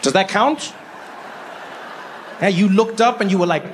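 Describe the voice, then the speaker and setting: A man performing a stand-up comedy routine on a theater stage, telling stories with animated shifts into other voices. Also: sits high, unhurried, slight background noise. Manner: animated storytelling, swings between voices. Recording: live hall with long reverb.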